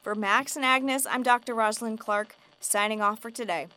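A woman's voice: on the high side, normal speed, sharp tone. A woman hosting who tells a pun and signs off the show in a dry, mock-stern way. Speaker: host signing off.

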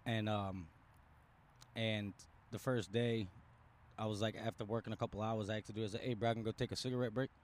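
A man's voice: fairly low pitch, steady tone, brisk, slight background noise. A man from New Orleans with a New Orleans accent, a podcast guest telling stories in a laid-back, profane, slangy way, outdoors in a park. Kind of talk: casual storytelling chat.

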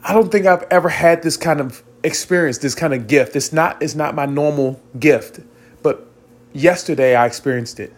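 A man's voice: on the high side, moderate pace. Rambling, earnest man telling a spiritual story. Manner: earnest, rambling with many restarts. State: tearful at times. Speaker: vlogger.

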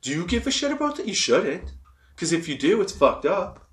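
High-pitched and sing-song, this young podcast host talks at a normal speed with a fairly bright tone. He rambles through a laid-back stoner monologue, laughing frequently and swearing plenty.

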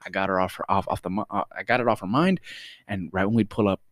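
A young man co-hosting a podcast, telling animated stories in casual chat, swearing and saying "dude" a lot. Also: deep voice, quick pace, no echo, clean studio sound. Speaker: podcast co-host.

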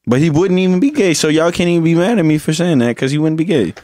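A man's voice: a little high, fast talker, a little mellow, dry recording, clean studio sound. A man co-hosting a podcast in casual chat, talking bluntly and emphatically in heavy slang. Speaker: podcast co-host.

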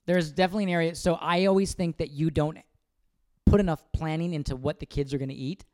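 A man's voice: on the high side, steady tone, fast, darkish tone. A man in his thirties co-hosting a podcast, answering his partner in wry, mock-defensive banter. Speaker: podcast co-host. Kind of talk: casual couple banter.

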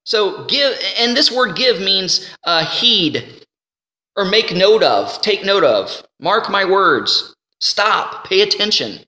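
Man preaching in an echoing hall. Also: sits high. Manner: animated, conversational teaching with slowed scripture reading. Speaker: Bible teacher. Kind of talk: sermon. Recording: roomy hall with long reverb.

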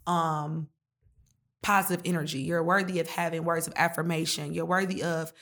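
Woman, lowish voice, candid, emotional, casual slangy heart-to-heart talk. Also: little pitch movement, normal speed, a bit bright.

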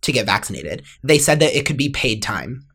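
Deep-voiced young woman ranting casually. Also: very animated, fairly quick, gravelly, a bit bright, breathy edge. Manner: exasperated, ranting, frequent fillers. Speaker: podcast co-host. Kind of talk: casual chat.

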